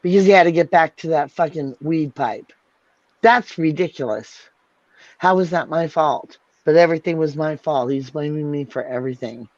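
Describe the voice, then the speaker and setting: The channel host, a woman with a low, slightly mellow voice, talks at normal speed while venting on her livestream. Her rant is furious, full of swearing and repetition. No room sound comes through, and the audio is dull, dry and lo-fi.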